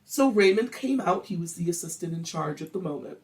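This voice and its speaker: A podcast host spins a true-crime tale in loose, animated talk. The speech is crude and playful, and the voice sits a little back from the microphone. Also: mid-range voice, fairly quick, far from the mic. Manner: animated, crude, acts out quotes. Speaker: podcast host telling the story. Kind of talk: casual true-crime storytelling.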